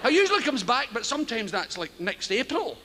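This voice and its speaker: High-pitched Scottish man doing stand-up. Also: very animated, fairly quick. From Scotland. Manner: profane, rambling, chuckling storyteller. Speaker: stand-up comedian. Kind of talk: stand-up routine. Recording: heavy background noise.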